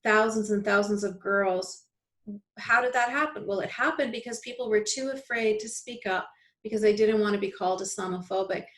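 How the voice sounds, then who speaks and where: A woman's voice: medium pitch, fairly quick, fairly bright tone, reverberant. A woman guest on an interview podcast, arguing her point with passion and emphasis. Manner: impassioned, emphatic argument. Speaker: guest, activist and author. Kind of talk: conversational interview.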